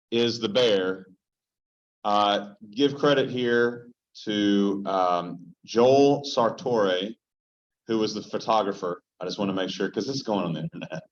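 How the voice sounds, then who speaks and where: A man teaching a Bible study as pastor, joking and animated as he tells stories and puts questions straight to the small group in front of him. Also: fairly low pitch. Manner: joking, animated storyteller who addresses the group directly. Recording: dull, lo-fi sound.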